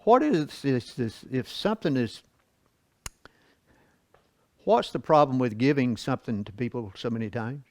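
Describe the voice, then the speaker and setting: A man's voice: medium pitch, lively intonation, measured pace, pauses often, a little mellow, no room sound. A man teaching a church Bible lesson, reading scripture and explaining it in a folksy, conversational way with rhetorical questions and chuckles. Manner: asks the class rhetorical questions.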